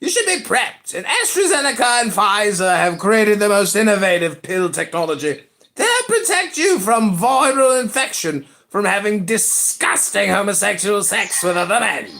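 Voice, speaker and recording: A man voicing a gruff, weary Australian man delivering a mock public-service ad. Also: big pitch swings, moderate pace, pushed and bright, heavily acted. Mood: mock-serious. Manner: low, sighing, mock-serious pitch.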